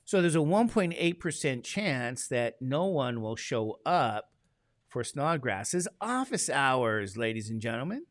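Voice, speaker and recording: A man's voice: medium pitch, very animated, measured pace, dry recording, clean studio sound. A man teaching a classroom lecture, chatty and digressive, asking the class questions as he goes.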